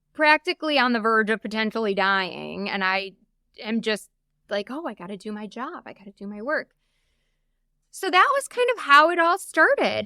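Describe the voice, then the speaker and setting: A woman's voice: a little high, sharp tone, clear, resonant tone, no room sound, clean studio sound. A woman guest on a podcast, telling a personal story in a candid, chatty way with lots of casual asides. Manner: chatty, open, frequent "like" asides.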